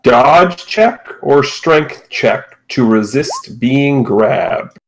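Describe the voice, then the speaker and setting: A man acting as game master, explaining rules and narrating a tabletop game over a voice call with a relaxed, playful manner. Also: medium pitch, drawn-out words, rough recording.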